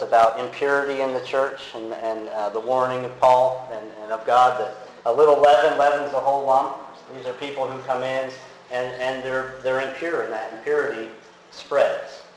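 Guy preaching real casual, lots of ums and restarts, super echoey church hall, bit of background hum. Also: mid-range voice. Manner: conversational, many fillers and restarts. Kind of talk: casual sermon with audience quiz. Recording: very echoey hall with faint ambient noise.

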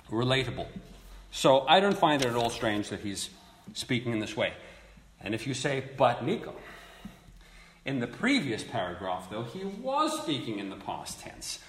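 A man's voice: medium pitch, fairly bright tone. Man preaching in an echoey hall. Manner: explanatory, conversational teaching with rhetorical questions. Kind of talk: verse-by-verse sermon. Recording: echoey hall with long reverb.

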